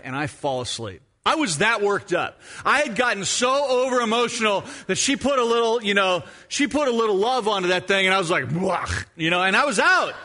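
A middle-aged male pastor preaching a sermon, telling a childhood story in an animated way and acting out the moments. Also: high voice. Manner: animated storytelling, acts out his own screams.

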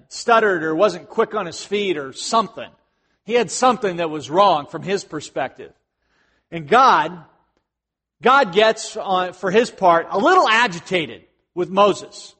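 A man preaching a sermon in a conversational way, dropping to hushed tones and rising to emphatic ones. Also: high-pitched, in a large hall. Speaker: pastor.

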